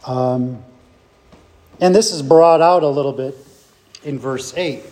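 A man teaching a Bible study class in a slow, halting way, with many fillers and restarts. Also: mid-range voice, darkish tone, in a large hall.

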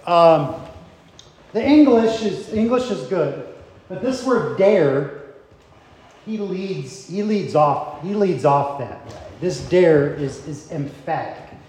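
A man teaching a Bible study class in a slow, halting way, with many fillers and restarts. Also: fairly high pitch, expressive, a little mellow, long reverb tail.

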